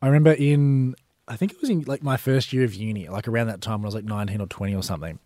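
A man's voice: fairly low pitch, rapid-fire, mellow, dry recording. A young Australian man co-hosting a breakfast radio show, telling stories in a rambling way with lots of fillers. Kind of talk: casual chat. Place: radio studio.

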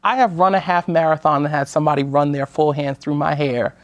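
A woman from the United States speaking as a guest on an interview show, measured and earnest, sometimes restarting her sentences. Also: deep voice, steady tone, no echo, dull audio. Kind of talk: conversational talk-show interview.

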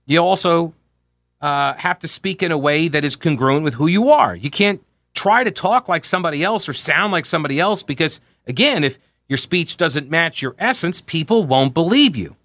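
Candid talk radio host, dry studio sound. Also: male voice, on the high side, moderate pace, no echo. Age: 40s. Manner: candid, anecdotal, animated asides. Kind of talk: conversational talk radio monologue. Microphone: close studio microphone.

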